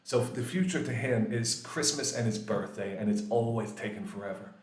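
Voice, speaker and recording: A man in his forties teaching English grammar in a casual, lively way, swearing freely and acting out little quoted exchanges. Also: lowish voice, moderate pace. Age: 40s. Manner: lively, swears often, acts out quoted voices. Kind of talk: casual classroom explanation. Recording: echoey room.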